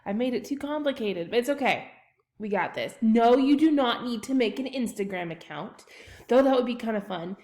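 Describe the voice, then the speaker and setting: A woman's voice: a little high, expressive, moderate pace, dark tone. A young adult woman teacher, casually talking students through an assignment with a chatty, rambling manner, full of ums and self-corrections. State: has the hiccups. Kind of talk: casual screen-recorded lesson walkthrough.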